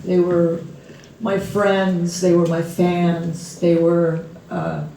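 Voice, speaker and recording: Middle-aged woman author, chatty and laughing, talks slowly, miked from afar. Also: fairly low pitch, flat delivery, vocal fry, warm tone, slight background noise. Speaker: author at a book launch. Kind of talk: storytelling talk on stage. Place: music venue before a live crowd. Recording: echoey room from far off.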